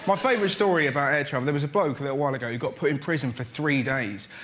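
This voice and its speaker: A young man doing a stand-up comedy routine, telling excitable stories and shouting his punchlines. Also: fairly high pitch, very fast. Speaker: comedian panellist. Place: TV studio with live audience. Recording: loud noise and audience laughter.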